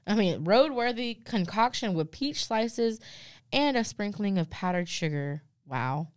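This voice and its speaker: A woman co-hosting a casual podcast reads fair food descriptions aloud, adding playful asides and laughing easily. Her mid-range voice has lively intonation and a slightly slow pace. The sound is clean studio audio with no echo.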